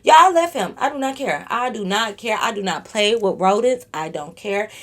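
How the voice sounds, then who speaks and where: A woman vlogger telling a storytime monologue straight to her viewers, animated and freely cursing. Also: medium pitch, moderate pace.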